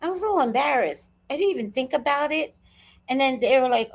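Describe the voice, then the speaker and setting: Talking fast in a high-pitched voice, a woman hosts a live talk at home. She's casual, profane, and animated, recounting a personal story and performing what others said in it.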